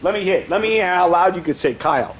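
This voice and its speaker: A male karate instructor coaching children in class, playful and teasing, bursting into excited shouts, in an indoor studio. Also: high voice, fast talker.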